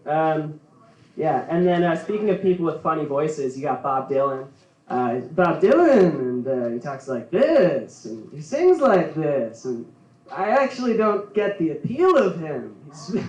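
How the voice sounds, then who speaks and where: A man's voice: fairly high pitch, lo-fi sound. A man doing a stand-up set at a comedy venue, rambling and laughing at his own jokes. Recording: roomy, from far off.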